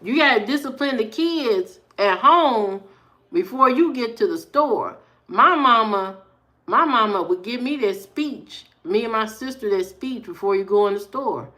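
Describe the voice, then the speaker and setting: A woman's voice: a little high, measured pace. A woman live streamer telling family stories in casual chat, acting out the people she quotes. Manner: animated storyteller, acts out quoted voices.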